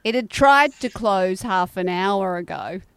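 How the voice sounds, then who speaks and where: A woman's voice: medium pitch, unhurried, clear, resonant tone, no echo. A woman with an Australian accent hosting a podcast, bantering and laughing with her guest in a teasing way. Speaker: podcast host. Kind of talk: casual podcast chat.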